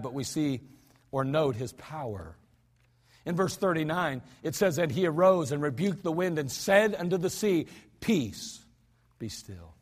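Pastor, male, high-pitched, casual sermon delivery with sudden loud outbursts. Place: church sanctuary.

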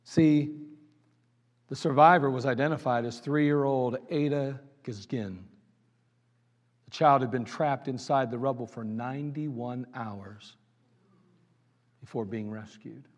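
A man preaching a sermon in a church, asking the crowd question after question and swinging between loud pleading and hushed tones. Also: mid-range voice, takes it slowly, long pauses, long reverb tail.

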